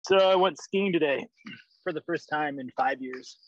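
A man calling into a coaching session, telling a personal story in a casual, excited way and swearing freely. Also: on the high side, normal speed, highs cut off, noisy background. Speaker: caller on a coaching call. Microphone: online call.

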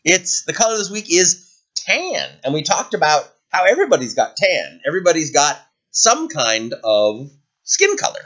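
A man teaching circle time to preschoolers over a computer camera, talking in a gentle, playful way to small children. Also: a little high, sing-song, moderate pace, muffled recording. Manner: gentle, playful, sing-song talk to small kids. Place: indoors, away from the classroom. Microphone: computer webcam.

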